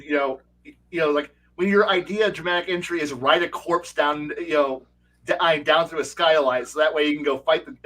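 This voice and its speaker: A game master telling table stories in casual chat, animated, laughing often and swearing as he rambles. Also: on the high side, distant mic, low-quality recording. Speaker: game master, regular guest.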